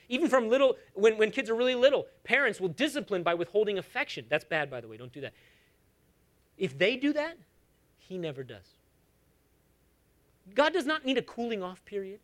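A pastor in his thirties delivers a sermon in a high voice that swings widely in pitch. His manner is conversational and animated, with humorous asides and emphatic repetition. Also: moderate pace, long pauses.

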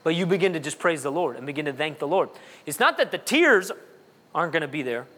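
Animated preaching man in echoing hall. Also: fast talker. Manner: animated preaching, voice swinging high and low. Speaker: pastor. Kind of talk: sermon. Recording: long reverb of a large hall.

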